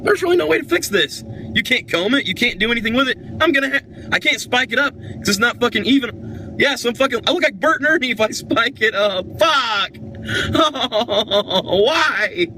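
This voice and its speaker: Man, distraught sobbing rant, cursing, lively pitch, outdoor traffic roar behind. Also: brisk. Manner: swearing, wailing, frantic. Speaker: man filmed in a played video clip. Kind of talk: distraught ranting to camera.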